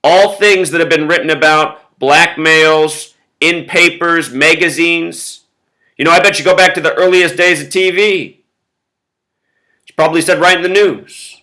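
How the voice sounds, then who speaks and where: A man's voice: on the high side, fairly even intonation, unhurried, sharp tone, rough recording. A man talking straight to his viewers in a casual monologue, emphatic, with lists of repeated words and frequent "you know". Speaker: video blogger.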